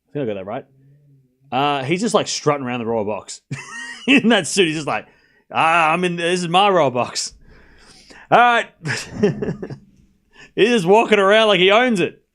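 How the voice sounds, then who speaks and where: A man's voice: fairly high pitch, very animated, normal speed, pauses often, fairly bright tone. A young man casually commentating a tennis match on a live stream, chatting with his viewers, cracking jokes and drifting off on tangents between points.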